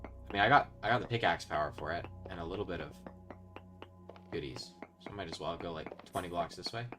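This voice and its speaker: A young man giving casual commentary while he plays a video game. He swings from quiet muttering to yelling when he is excited. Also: low-pitched, a little fast, music in the background. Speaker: gaming video host. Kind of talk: casual let's-play commentary.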